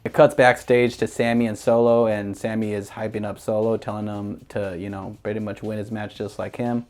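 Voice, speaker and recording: A man's voice: fairly low pitch, flat delivery, normal speed, a little mellow. A man co-hosting a casual recap chat, rambling and hesitant with lots of fillers. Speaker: podcast co-host.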